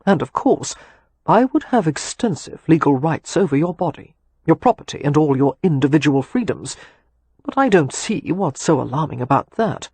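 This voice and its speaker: A man's voice: a little high, sing-song, moderate pace, darkish tone, slightly rough, dry recording, heavily acted. A man voicing a teasing, wry male suitor in an audiobook romance, with dry quips and earnest turns. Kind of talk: audiobook character dialogue.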